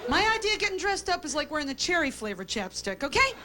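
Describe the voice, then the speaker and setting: High-voiced deadpan woman comic. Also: quick pace, a loud crowd. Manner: deadpan quips, tags jokes with a flat "okay?". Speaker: stand-up comic. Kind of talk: stand-up comedy routine. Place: comedy club stage with a live audience. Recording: hissy old VHS tape with audience laughter.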